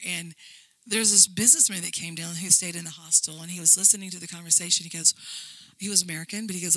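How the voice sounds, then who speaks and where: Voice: mid-range voice, fast, bright, forceful tone, no room sound, rough recording. A church minister telling a rambling, earnest faith story while presenting slides. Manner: rambling, earnest testimony with frequent restarts. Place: lives in Brussels.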